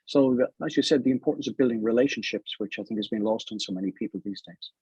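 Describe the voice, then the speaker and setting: A man's voice: mid-range voice, quick pace, a little mellow, slightly rough, no echo, muffled recording. A man hosting a radio interview show, guiding his guest along with conversational prompts. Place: radio studio.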